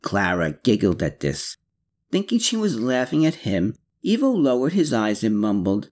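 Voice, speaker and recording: A man's voice: fairly low pitch, huge pitch swings, moderate pace, darkish tone. Man reading a novel aloud, storytelling voice, lots of melody. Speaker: audiobook narrator. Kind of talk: scripted narration of a novel.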